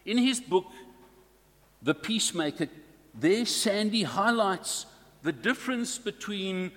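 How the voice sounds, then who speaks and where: A man preaching a sermon to his congregation in a slow, deliberate way, stressing key words. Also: high voice, expressive, big-room sound.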